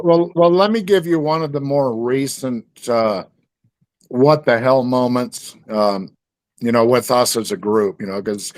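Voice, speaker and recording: A man's voice: mid-range voice, dry recording. A man telling a story in casual conversation, rambling, with many fillers and restarts. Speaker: guest.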